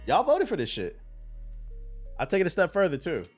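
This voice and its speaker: A man hosting a casual gaming news show, telling stories in a profane, animated way. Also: on the high side, moderate pace, soft background music.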